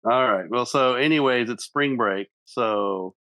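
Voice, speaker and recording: A man, a father, co-hosting a podcast from a home studio, halting and repeating words in casual chat. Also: mid-range voice, sharp tone, no room sound.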